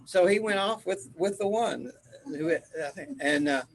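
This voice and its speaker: A man's voice: sits high, unhurried, poor audio. An older man, a spiritual teacher, telling a rambling story in casual group chat, laughing often.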